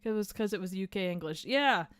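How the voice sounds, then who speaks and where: A woman's voice: medium pitch, lively intonation, fairly quick, no echo. A woman hosting a livestream, chatting casually and rambling as she reads out the chat. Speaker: livestream host.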